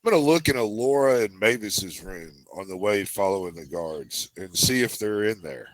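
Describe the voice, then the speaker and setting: A man talking through his moves as a tabletop player, rambling with lots of hesitation. His pitch sits mid-range, and the recording is dry and close. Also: expressive, moderate pace, no room sound. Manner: rambling, full of fillers. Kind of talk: casual game chat.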